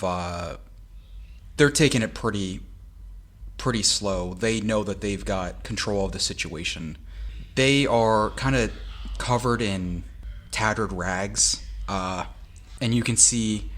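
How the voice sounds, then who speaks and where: A man narrating a tabletop game as game master, relaxed and descriptive with frequent fillers. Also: on the low side.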